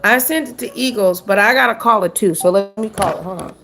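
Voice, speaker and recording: A woman hosting a casual live stream, chatting with her viewers as "y'all" and reading numbers out slowly. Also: mid-range voice, vocal fry, fairly bright tone, a little hiss or hum.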